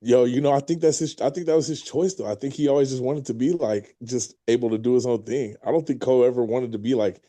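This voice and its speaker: A man's voice: medium pitch, quick pace, few pauses, dark tone. A young man co-hosting a podcast in casual chat, laid-back and joking. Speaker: podcast co-host.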